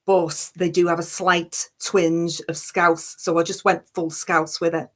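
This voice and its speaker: English woman, near-London accent, slightly low voice, casual interview, chatty, laughs a lot. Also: flat delivery, unhurried. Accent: English, near-London neutral. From Yorkshire, England. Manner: chatty, laughs often, many fillers and restarts. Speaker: actress and online parody creator.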